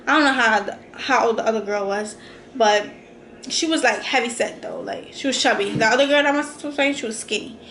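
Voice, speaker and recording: A young adult woman vlogger, telling a storytime with animated, slangy quotes. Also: high voice, reverberant, a little hiss or hum. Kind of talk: storytime vlog.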